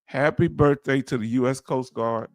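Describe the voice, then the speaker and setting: Reading comments from his viewers, a Southern-accented man hosts a laid-back livestream, laughing frequently and talking in an easygoing way. His medium-pitched voice is slightly mellow and moves at a normal speed, captured at studio quality without any room sound.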